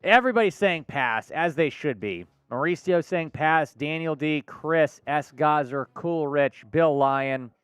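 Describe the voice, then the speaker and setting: A man's voice: a little high, lively intonation, unhurried, hardly any pauses, fairly bright tone, clear, resonant tone, no echo, soft background music. A man hosting a live sports talk stream, answering viewers' chat comments by name in an upbeat, conversational way. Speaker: sports show host.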